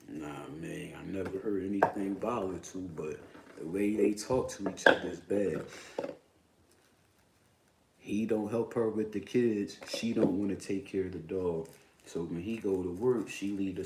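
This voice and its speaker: A man hosting a livestream, telling a profane story in a casual, animated way, with bursts of loud emphasis. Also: low voice. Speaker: livestream host. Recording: roomy echo, distant mic, faint noise.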